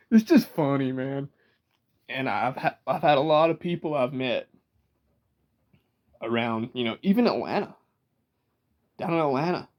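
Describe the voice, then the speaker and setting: A man with a Georgia Southern accent tells stories casually to the camera. His voice sits a little high for a man and swings up and down in a lively way. He talks in a chatty, rambling manner full of asides. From Georgia, USA.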